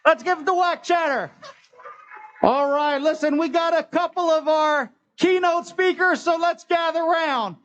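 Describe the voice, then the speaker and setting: A very high-voiced emcee at an outdoor rally, calling out loud and brisk introductions to the crowd. The sound is dull and lo-fi, like it was picked up through a PA system. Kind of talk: announcing speakers at a rally.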